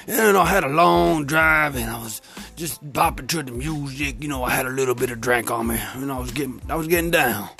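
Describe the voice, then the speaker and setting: A man's voice: mid-range voice, fairly quick, gravelly, pushed and bright, faint music behind. Profane rambling man telling a story. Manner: profane, rambling, streetwise slang. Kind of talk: comic storytelling monologue.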